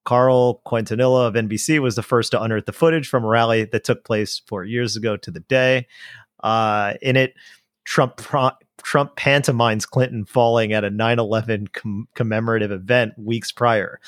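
A man co-hosting a casual podcast, reading news items aloud in a measured, wry way with dry asides. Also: fairly low pitch, fairly even intonation, no echo. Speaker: podcast co-host.

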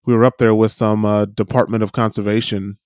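A man co-hosting a casual talk show, telling stories in a lively way, acting out the voices he quotes and checking in with "right?". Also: fairly low pitch, brisk, no room sound, studio quality. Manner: animated storyteller, acts out quoted voices, many "right?" tags. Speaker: podcast co-host. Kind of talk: casual chat, storytelling. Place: lives in New Zealand.

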